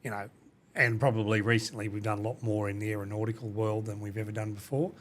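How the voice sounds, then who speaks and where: A man with a fairly low voice talks through a long explanation in a relaxed interview. He restarts often and leans on "you know" as he goes. A faint background noise sits under the recording. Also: fast. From Australia. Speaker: company CEO, guest. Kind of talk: casual podcast interview.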